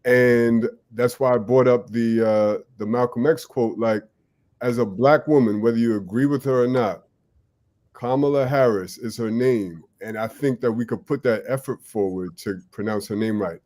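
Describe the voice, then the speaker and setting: A man's voice: mid-range voice, moderate pace, darkish tone. Earnest man in casual podcast talk. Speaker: podcast co-host. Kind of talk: casual chat.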